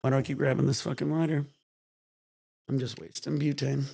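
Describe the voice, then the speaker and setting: A man rambles through a loose, laid-back vlog chat, swearing freely and sounding high. His voice has a gravelly, creaky edge. It is recorded dry and close, with no room sound. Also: flat delivery, fairly quick, warm tone, no room sound. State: high while talking. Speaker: vlog host. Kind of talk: casual chat.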